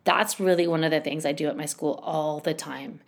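A woman's voice: deep voice, fairly even intonation, brisk, vocal fry. A middle-aged woman hosting a podcast, giving casual parenting advice in a chatty way full of "you know" and "like". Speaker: parenting podcast host and school educator.

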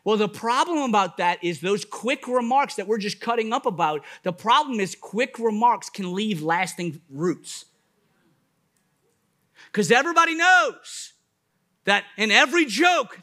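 Bright-voiced man preaching a sermon. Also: sits high, animated, moderate pace. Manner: preaches with rising bursts and playful asides. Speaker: pastor. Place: church service.

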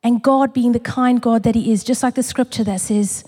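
A woman sharing a personal testimony in a sermon, earnest and emotional, building through repetition and dropping to a hush. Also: a little high, moderate pace, hardly any pauses. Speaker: church community speaker. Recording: long reverb of a large hall.

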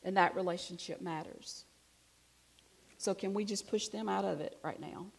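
A woman preaching a sermon, telling a personal story in a conversational way, swinging from hushed to emphatic. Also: mid-range voice, normal speed, gravelly, slightly rough.

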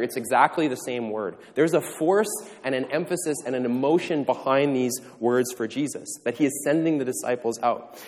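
A mid-pitched man preaches a sermon from the front of a church, teaching in a loose, conversational way that often restarts its sentences. His voice carries a long reverb tail from the large sanctuary around him. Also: darkish tone. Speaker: pastor.

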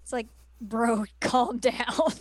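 Giggly woman co-host, slow and dry. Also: on the high side, no echo. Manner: giggly, laughs often, playful. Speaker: podcast co-host. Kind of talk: casual chat.

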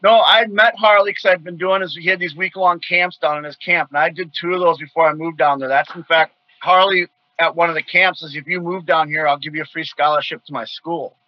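A man from Wisconsin tells stories in a casual, animated way, bursting into loud quoted voices. His voice sits a little high for a man. The sound is dry and slightly muffled. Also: fairly quick, few pauses, no echo. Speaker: guest wrestler telling stories. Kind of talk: casual storytelling.

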